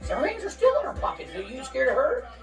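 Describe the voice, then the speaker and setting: A man's voice: very high voice, huge pitch swings, fast, gravelly. A man telling rowdy stories in casual talk, swearing freely and laughing through them. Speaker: interviewee. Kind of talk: casual storytelling. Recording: distant mic with faint music.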